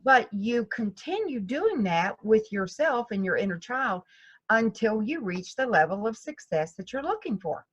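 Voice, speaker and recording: A woman golf instructor with a breathy-edged voice on the high side speaks unhurriedly in an interview. She tells animated stories and acts out her students' voices.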